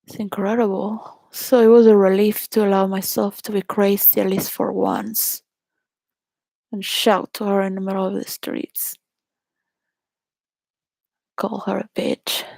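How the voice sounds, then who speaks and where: Gravelly-voiced woman telling wild stories. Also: mid-range voice, flat delivery, moderate pace, dark tone, no room sound, studio quality. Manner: rambling, laughs often, frequent restarts. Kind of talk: candid personal storytelling.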